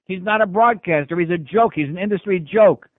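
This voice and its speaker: A gruff, sarcastic man hosts a call-in radio show, cutting callers down. His voice sits a little high. The sound is dry and thin like an old phone-line broadcast. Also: a little fast, dry recording. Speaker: radio talk show host.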